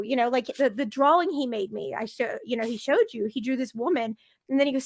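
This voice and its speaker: A woman chatting as a guest on a podcast, telling stories in a gushing, animated way with many restarts. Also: a little high, quick pace. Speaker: podcast guest, fellow show host. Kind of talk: casual conversation.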